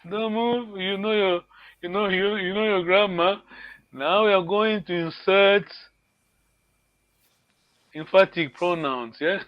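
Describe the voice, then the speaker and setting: A man's voice: high voice, slow pace, long pauses, muffled recording. A man teaching a language class online, correcting students patiently and encouraging them.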